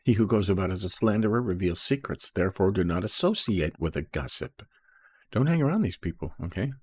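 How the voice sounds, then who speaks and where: A man's voice: low voice, animated, brisk, husky. A man reading Bible verses aloud and explaining them in a casual teaching style, checking in often with "okay?" and "right?".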